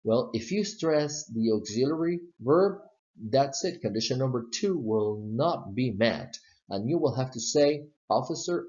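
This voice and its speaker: A man's voice: medium pitch, a little mellow, muffled recording. A man teaching English pronunciation, explaining stress step by step and modeling words for learners to repeat. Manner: slow, explaining step by step with spoken examples. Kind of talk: pronunciation lesson.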